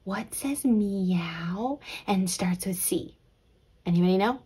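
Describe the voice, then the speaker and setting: A young woman teaching a children's letter lesson, gentle and drawn-out, sometimes dropping into a whisper. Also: mid-range voice, animated, husky. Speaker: kids' teacher.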